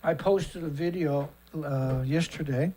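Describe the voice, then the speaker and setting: A middle-aged man hosts a daily news livestream in a loose, rambling style full of asides. His voice sits a little on the high side, and he is blunt and sarcastic, swearing freely. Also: unhurried, mellow. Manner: rambling with frequent fillers and asides. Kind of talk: casual livestream commentary.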